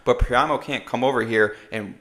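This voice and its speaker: A man hosting a live stream, talking about motivation in a relaxed, conversational way. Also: medium pitch, normal speed. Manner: relaxed and conversational, with filler tags. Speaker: host. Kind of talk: casual motivational talk.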